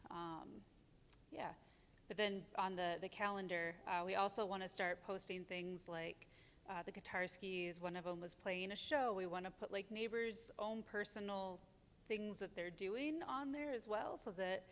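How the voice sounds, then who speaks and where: Woman, smooth clear voice, hesitant, lots of ums, reverberant church hall. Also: medium pitch, steady tone, unhurried. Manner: hesitant, many ums, nervous laughs. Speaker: community group organizer, guest. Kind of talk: casual on-stage interview. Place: church sanctuary.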